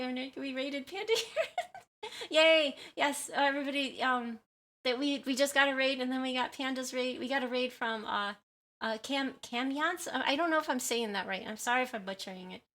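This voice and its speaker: A woman streamer chats casually with her viewers, rambling through fillers and little giggles and apologizing often. Her voice sits a bit high and sounds bright and sharp. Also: normal speed. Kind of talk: casual livestream chat with viewers.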